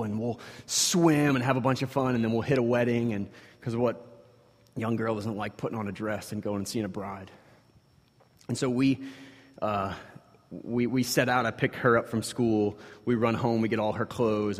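A man in his thirties telling a personal story to an audience, animated and acting out the dialogue. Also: on the low side. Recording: long reverb of a large hall.

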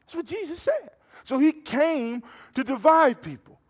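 A high-pitched male preacher delivers a sermon with fervour. He tells stories from the pulpit and often repeats a word as he restarts his thought. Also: very animated, measured pace. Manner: fervent, storytelling, repeats words when restarting.

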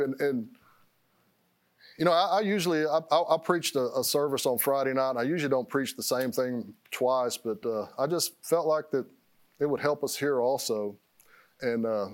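A man preaching a sermon as pastor, rambling and repeating words, often stopping to laugh at himself. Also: medium pitch.

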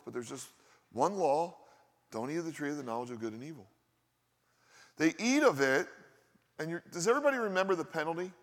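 A man's voice: on the high side, fairly bright tone, big-room sound. A male pastor preaching a sermon in a conversational style, asking his listeners rhetorical questions.

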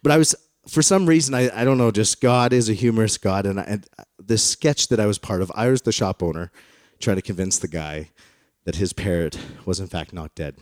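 A man's voice: fairly low pitch, a little fast, darkish tone, dry recording, clean studio sound. A male pastor delivering a sermon to a congregation, talking in a conversational, storytelling way. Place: in front of a congregation.

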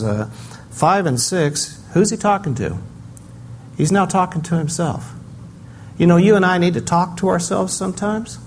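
Older man preaching with animated swings. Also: fairly high pitch, a little hiss or hum. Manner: animated preaching, swings from loud emphasis to quiet asides. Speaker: pastor. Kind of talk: sermon.

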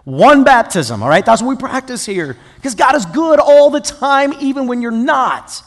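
A man preaches from the pulpit in an unusually high voice, full of passion. He swings from loud, emphatic bursts to hushed asides. A long hall reverb trails each phrase. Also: sing-song, moderate pace. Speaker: pastor. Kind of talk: sermon.

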